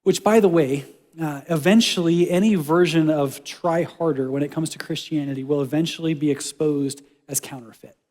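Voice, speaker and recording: A man delivers a casual, conversational sermon, his voice sitting a little high for a man. He shifts between animated, rising lines and hushed, gentle ones. His voice rings out in a hall with a long reverb. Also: moderate pace. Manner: conversational, animated, drops to soft quiet lines for God's words. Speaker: pastor.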